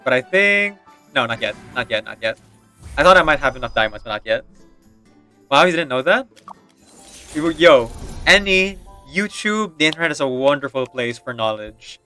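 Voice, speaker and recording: Very animated, this man has a mid-range voice that sounds pushed and bright, moving at a moderate pace. He chats casually while streaming a game, rambling with plenty of fillers and frequent laughter over faint game music.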